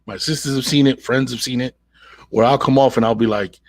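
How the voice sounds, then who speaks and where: A man hosting a solo relationship podcast, talking in an animated way and acting out quoted voices as he makes his points. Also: medium pitch, fairly quick, no room sound. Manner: animated, mimics women in quoted asides. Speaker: podcast host.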